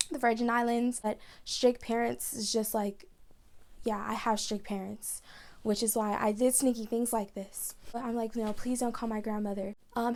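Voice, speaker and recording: A woman's voice: a little high, darkish tone, slight background noise. A young woman telling a personal story in a vlog, chatty and emotional, with lots of "like" as she talks. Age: young adult. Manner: chatty, emotional, fast retelling with many "like"s. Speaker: vlogger.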